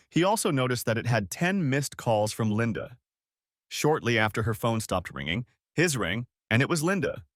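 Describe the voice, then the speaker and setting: A man narrating a dramatic audiobook story in an expressive reading voice. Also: mid-range voice, dry recording, studio quality.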